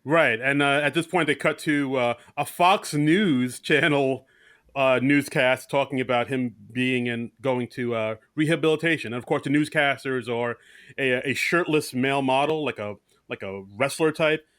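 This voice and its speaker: A man's voice: mid-range voice, normal speed, fairly bright tone, dry recording, clean studio sound. A man co-hosting a podcast, casually recapping a movie and jokingly acting out lines from it. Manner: jokey, acts out characters' lines. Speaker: podcast co-host.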